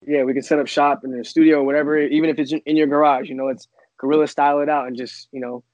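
A man's voice: a little high, flat delivery, darkish tone, no room sound. Humble grateful man on dull remote audio. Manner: humble, grateful, halting with many fillers. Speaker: actor guest. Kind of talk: casual interview.

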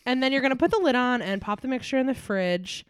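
A woman's voice: high voice, lively intonation, quick pace, clean tone, no echo, studio quality. A young woman hosting a podcast, chatting casually with her boyfriend, laughing often and talking through a cocktail recipe. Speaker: podcast host. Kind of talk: casual chat.

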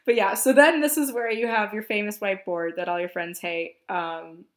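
A woman's voice: mid-range voice, fairly even intonation, moderate pace. A young adult woman hosting a casual movie podcast, chatty and rambling, laughing often. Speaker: podcast host.

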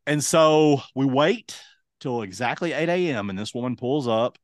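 A young man and podcast co-host telling a casual, lively anecdote, acting out other people's lines as he goes. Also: medium pitch, moderate pace, no echo, clean studio sound. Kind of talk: casual storytelling.

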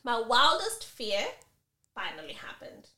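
A woman's voice: fairly high pitch, very animated, unhurried, pushed and bright, reverberant. A woman co-hosting a podcast, telling a story with drama and swearing, acting out the people in it. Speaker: podcast co-host. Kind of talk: casual chat, animated storytelling.

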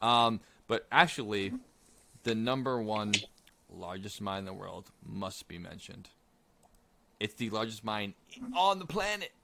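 A man's voice: on the low side, animated, gravelly, a bit bright, a little hiss or hum. A man hosting a trivia quiz on a podcast in casual, teasing banter, drawing out the answers as he reads them. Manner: jokey, teasing, drawn-out reading of answers.

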